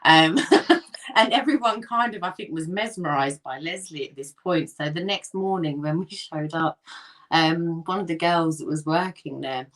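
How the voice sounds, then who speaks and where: A woman with a North London accent talks in a relaxed, chatty way as an interview guest. Her voice sits low, and she fills her stories with ums and quick laughs. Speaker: ghost hunt company owner, guest. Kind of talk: casual interview chat.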